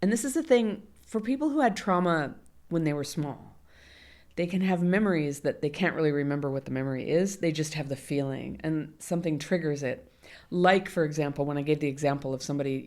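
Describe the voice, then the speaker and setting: Woman, low voice, middle-aged, interview guest, candid, laughs often. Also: brisk, a little mellow. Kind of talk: conversational interview.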